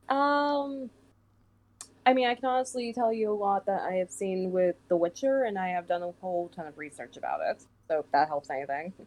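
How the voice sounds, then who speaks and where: A woman's voice: medium pitch, moderate pace, darkish tone, poor audio. A woman who works as a voice actress, guesting on a livestream, chatting casually and playfully with many ums over remote voice chat.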